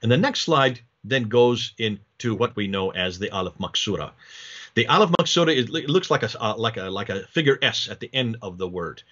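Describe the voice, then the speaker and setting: A man lectures from slides in a mid-pitched voice, explaining step by step and asking rhetorical questions. He often restarts his sentences. The recording sounds somewhat dull and lo-fi. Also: animated, a little fast, fairly bright tone.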